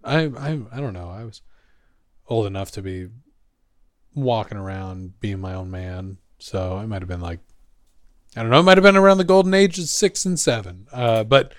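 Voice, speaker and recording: A man from Texas telling a long story in casual chat, animated and swearing freely. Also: lowish voice, normal speed, dry recording, studio quality. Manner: animated, profane, acts out voices.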